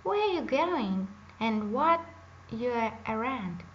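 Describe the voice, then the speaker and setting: A woman's voice: on the high side, big pitch swings, slow pace. A woman reading the lines of a kindly little old man in a fairy tale, on a dull lo-fi recording. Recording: dull lo-fi recording with faint hiss.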